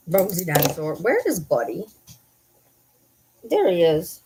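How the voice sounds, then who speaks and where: A woman's voice: lowish voice, big pitch swings, unhurried, long pauses, background noise. A woman at home chatting casually, often cooing baby talk to her pets.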